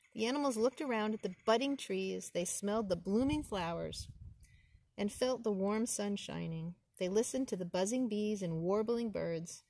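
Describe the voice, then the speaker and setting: A woman, a preschool teacher, reading a children's storybook outdoors in the woods. She reads in a gentle, clear and expressive way. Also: mid-range voice, moderate pace.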